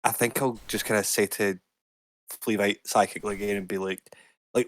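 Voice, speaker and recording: Low-voiced guy playing a tabletop game, lots of ums, dry close sound. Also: fairly even intonation, fairly quick, fairly bright tone, no room sound. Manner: hesitant, lots of ums, thinks aloud. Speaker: player. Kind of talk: casual tabletop play.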